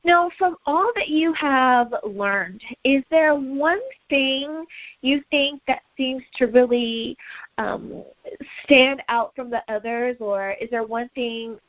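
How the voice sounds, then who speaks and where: A woman's voice: on the high side, dry recording. A woman hosting an interview, enthusiastically affirming answers and asking long, rambling questions. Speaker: podcast host. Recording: dry muffled lo-fi audio.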